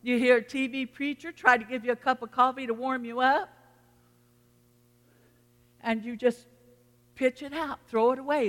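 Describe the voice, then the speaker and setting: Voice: high voice, steady tone, moderate pace, long pauses, a bit bright. A pastor preaching a sermon in a folksy, earnest storytelling manner, addressing the congregation from the front of a church. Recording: long reverb of a hall.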